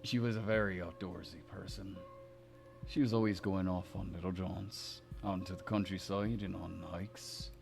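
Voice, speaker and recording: A man voicing a big, kindly male teacher with an attempted Scottish accent, speaking low and gently. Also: fairly even intonation, gravelly, music in the background. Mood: wistful. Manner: slow, low, gently conversational.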